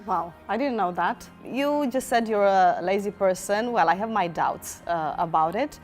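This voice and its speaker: A woman's voice: mid-range voice, normal speed, faint music behind. A woman hosting an interview, asking short, polite follow-up questions. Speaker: interviewer, host.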